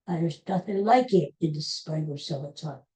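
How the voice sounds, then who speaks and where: A woman's voice: deep voice, normal speed, warm tone, low-quality recording. A woman hosting a podcast, chatting casually and rambling, often correcting herself and stumbling over names. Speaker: podcast host. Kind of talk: casual solo chat.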